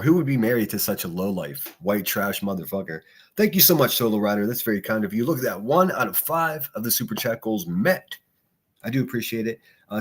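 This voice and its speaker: A man hosting a solo livestream podcast, reacting to clips with mocking, profane sarcasm. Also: on the low side. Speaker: podcast host.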